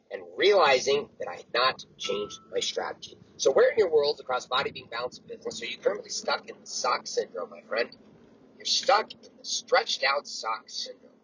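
A man in his early forties hosting a motivational podcast, telling a story in a blunt, profane, animated way. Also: mid-range voice, husky, no echo, highs cut off. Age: 40s. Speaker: podcast host. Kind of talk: motivational monologue.

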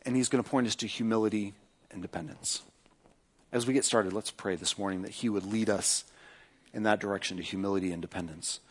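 Middle-aged male pastor, sermon delivery, rhetorical questions to the congregation, quieter when praying. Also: steady tone, a little fast. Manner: acts out quoted speech with lifted pitch; prays in a softer, lower voice.

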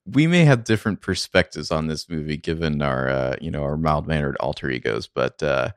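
A man's voice: a bass voice, expressive, fairly quick, smooth, no echo. A man co-hosting a casual film review chat with wry, dry humor and repeated words. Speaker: podcast co-host.

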